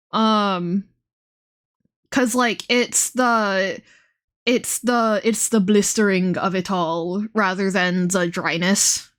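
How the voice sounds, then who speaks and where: A woman's voice: mid-range voice, fairly bright tone. A woman in her twenties chatting casually on a livestream, talking with her mouth held nearly closed because her lips are sore and blistered, in a rambling way full of fillers. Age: 20s. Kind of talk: casual chat stream.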